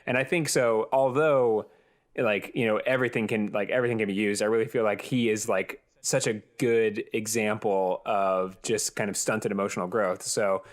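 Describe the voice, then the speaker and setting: A man's voice: on the low side, steady tone, moderate pace. A man hosting a podcast in casual chat, rambling and thinking aloud with many fillers. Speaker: podcast host.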